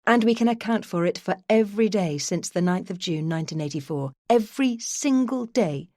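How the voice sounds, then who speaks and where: A woman narrating a first-person true crime audiobook in a measured, even storytelling manner. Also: medium pitch, no echo, studio quality.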